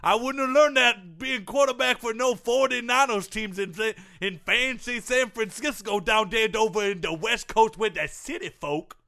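A man playing a swamp tour guide in a comedy sketch, with a high, bright voice and a thick put-on Cajun drawl. He rambles with folksy bravado. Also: normal speed, gravelly, few pauses, heavily acted. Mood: rambling. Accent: put-on Cajun (Louisiana). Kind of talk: improvised sports-radio comedy bit.

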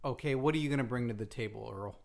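A man's voice: medium pitch, quick pace, gravelly. A man hosting a comedy podcast, playing the exasperated straight man and laughing often. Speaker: podcast host.

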